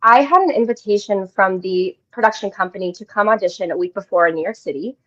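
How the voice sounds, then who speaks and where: A bubbly young woman from the Denver area chats as a guest on a radio show and tells her stories with plenty of laughs. Her voice sits in a middle pitch. The sound is a little dull and lo-fi. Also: fast talker, fairly bright tone. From Denver area, Colorado. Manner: bubbly, laughs often, storytelling. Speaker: guest actress. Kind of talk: casual radio interview.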